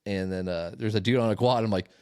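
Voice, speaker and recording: A man co-hosting a podcast, telling a story in a casual, animated way, swearing often. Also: lowish voice, quick pace, clean tone, no room sound, studio quality. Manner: swearing, animated retelling with laughs. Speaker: podcast co-host.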